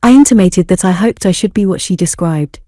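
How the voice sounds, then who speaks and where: Mellow woman reading an audiobook. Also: on the low side, fairly quick, dry recording, studio quality. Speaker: narrator. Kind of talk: audiobook narration for English learners.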